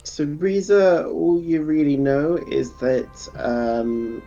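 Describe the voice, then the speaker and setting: A man as game master of a tabletop game, explaining lore with frequent ums and pauses. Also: on the high side, steady tone, creaky, warm tone, dull audio, soft background music.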